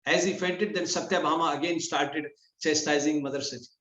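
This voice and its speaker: A man with a somewhat high voice tells a scripture story in an easygoing class style. He restarts his sentences often and slips into lively quoted voices. The sound is roomy and dull, like a lo-fi room recording. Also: fairly quick. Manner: conversational, with frequent restarts and lively acted quotes.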